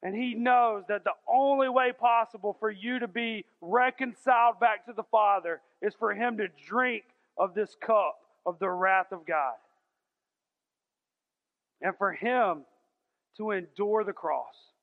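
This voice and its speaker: A man, preaching a folksy, emphatic sermon to a church congregation and slowing down for scripture. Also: high-pitched. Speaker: pastor. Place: large church sanctuary. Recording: thin phone-like sound in a reverberant hall.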